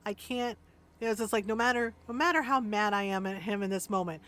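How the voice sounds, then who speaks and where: A woman's voice: medium pitch, fast, fairly bright tone. A woman streamer chatting casually while gaming, laughing often and acting out quotes.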